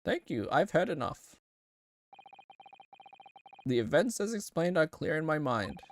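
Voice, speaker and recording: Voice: mid-range voice, sing-song, a little slow. A streamer doing a pompous old judge. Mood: measured. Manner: pompous, exclaiming. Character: stern old male judge, easily scandalized.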